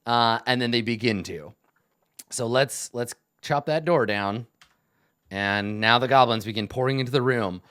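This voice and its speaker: A man's voice: mid-range voice, measured pace, clean tone, no echo. Man running a tabletop game, dry mic. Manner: relaxed, laughing, many fillers. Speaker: game master.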